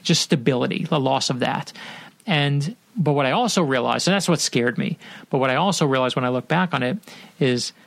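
A middle-aged man, an author guest, telling a story in an animated, earnest and motivational way. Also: mid-range voice, a little fast, vocal fry, no room sound. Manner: animated, acts out quotes in the story. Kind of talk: conversational storytelling.

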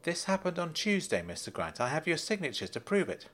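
A man's voice: a little high, very animated, a little fast, fairly bright tone, pitched above the performer's own voice. A man voicing a polite, deferential male bank manager in a storybook reading. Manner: courteous, deferential, apologetic.

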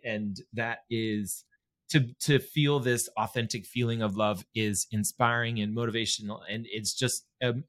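A man's voice: on the low side, fairly bright tone. Middle aged guy talking earnestly bout love w his husband, kinda playful, swears some. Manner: earnest, reflective, sometimes playful and profane. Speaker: podcast co-host, married to the other speaker. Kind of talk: emotional casual chat.

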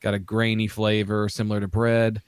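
A man's voice: on the low side, completely flat delivery, moderate pace, smooth, dry recording. A man co-hosting a casual podcast, walking through beer styles with frequent ums and restarts. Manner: hesitant, many ums and restarts. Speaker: podcast co-host.

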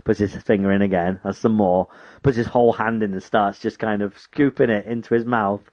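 Brief: man, low voice, animated storyteller, dull dry recording. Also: fairly quick, dry recording. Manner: animated, acts out quoted lines in character voices. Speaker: storyteller recounting an immersive horror experience.

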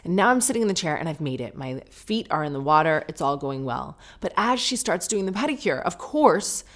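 A woman's voice: low-pitched, a little fast. British woman telling a comic story. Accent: British English. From Britain. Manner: animated, self-mocking, comic storytelling. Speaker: podcast host. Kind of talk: solo podcast storytelling.

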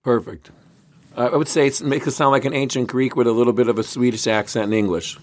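A man's voice: medium pitch, fairly even intonation, fast talker. A man co-hosting a casual history podcast, telling the story in a rambling way with many restarts. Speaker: podcast co-host.

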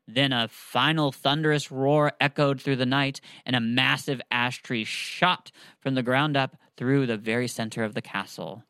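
A man's voice: medium pitch, fairly even intonation, normal speed, sharp tone, clean tone, no echo, low-quality recording. A man casually retelling a story with many fillers and restarts, then reading passages aloud. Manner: rambling, filler-heavy.

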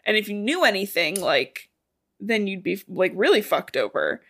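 A woman's voice: medium pitch, sing-song, moderate pace, fairly bright tone. A woman co-hosting a podcast, casually retelling a novel's plot in a chatty way with the odd swear word. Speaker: podcast co-host. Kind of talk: casual book recap chat.

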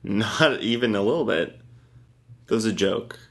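A man's voice: lowish voice, animated, measured pace. A young man co-hosting a casual chat, playful and joking, laughing often.

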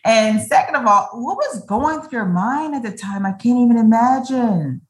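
A woman's voice: a little high, animated, normal speed. A woman hosting a podcast, asking long, layered questions in an encouraging way. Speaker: podcast host. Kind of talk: interview questions. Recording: echoey room.

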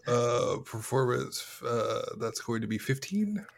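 A man playing a tabletop game, answering in character with short, low replies. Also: expressive, slow pace, vocal fry. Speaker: player.

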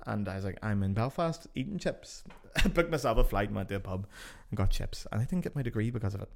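Fast-talking man telling stories. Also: lowish voice, creaky. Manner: swears freely, animated anecdotes. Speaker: podcast host. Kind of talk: casual storytelling.

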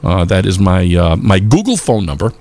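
A man's voice: low-pitched, very animated, moderate pace, a little mellow. Rambling folksy male radio host. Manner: rambling, many filler sounds, folksy. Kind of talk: casual live radio chat.

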